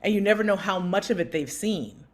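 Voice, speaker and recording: A woman in her thirties co-hosting a podcast, telling a story in lively conversation and acting out the voices of people she quotes. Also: brisk. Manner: animated, acts out quotes with big pitch jumps. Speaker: podcast co-host.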